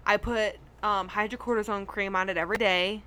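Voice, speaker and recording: Bright-voiced woman podcast co-host. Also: medium pitch. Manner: animated storyteller, quick agreeing "right". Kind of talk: casual chat.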